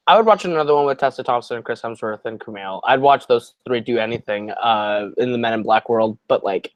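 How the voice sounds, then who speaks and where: A man's voice: medium pitch, dry recording, highs cut off. Man talking movies in a dry, close sound. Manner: easygoing, drawn-out filler words. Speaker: guest co-reviewer. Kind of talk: casual movie review chat.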